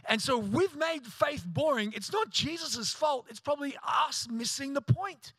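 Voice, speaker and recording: A man's voice: very high voice, expressive, a little slow, a bit bright, no room sound. A man preaching a sermon, telling a self-mocking comic story and acting out other people's voices. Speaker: pastor.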